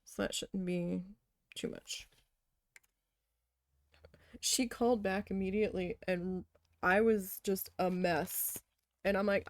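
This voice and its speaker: A woman crafting vlogger talks casually as she works and tells stories bluntly with frequent swearing. Her mid-pitched voice has plenty of gravelly fry. The sound is dry and close. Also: steady tone, slow, long pauses, no echo. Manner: blunt, heavily profane storytelling. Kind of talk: casual storytelling chat while needle felting.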